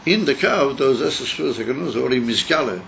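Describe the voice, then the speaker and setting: A man's voice: mid-range voice, lively intonation, quick pace, vocal fry, a bit bright, slight background noise. A man, a rabbi, teaching a text-study class, explaining and thinking aloud with frequent restarts. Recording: dull lo-fi recording.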